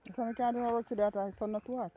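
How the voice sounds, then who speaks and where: A woman's voice: on the high side, fairly even intonation, rapid-fire, dark tone, a little hiss or hum. Jamaican woman vlogging on her farm. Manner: chatty, thanks viewers, mixes in patois. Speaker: vlogger and farmer. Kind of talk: casual vlog narration. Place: outdoors on a rural farm field.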